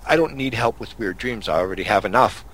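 A man's voice: fairly low pitch, fast talker, fairly bright tone, slight background noise. A man from Canada hosting a podcast, telling angry road-rage stories in a profane, casual rant. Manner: angry, swearing storyteller. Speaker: podcast host.

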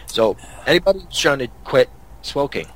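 A man's voice: medium pitch, sing-song, normal speed. A man from Canada hosting a podcast, telling angry road-rage stories in a profane, casual rant. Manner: angry, swearing storyteller. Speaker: podcast host.

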